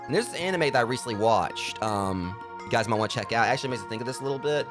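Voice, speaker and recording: A man's voice: mid-range voice, expressive, very fast, music in the background. A man giving casual gameplay commentary as a let's play host, rambling with lots of fillers.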